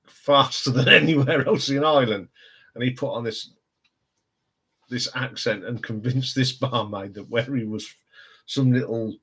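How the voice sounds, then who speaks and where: A man's voice: mid-range voice, a bit bright, slightly rough. A man with a Northampton accent, hosting a casual live stream chat and rambling with frequent laughs. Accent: Northampton English. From England. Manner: chatty, rambling, laughs often.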